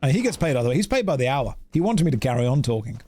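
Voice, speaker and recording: A man's voice: mid-range voice, rapid-fire, a little hiss or hum. A man streaming a video game, ranting and chatting animatedly as he plays. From England. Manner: animated, ranting, acts out both sides of chats. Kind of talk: casual gameplay commentary.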